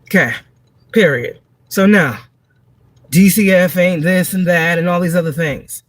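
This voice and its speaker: A woman's voice: lowish voice, measured pace, no echo. A woman giving a tarot reading in a livestream monologue, blunt, profane and preachy, repeating words for emphasis. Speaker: tarot reader and spiritual advisor.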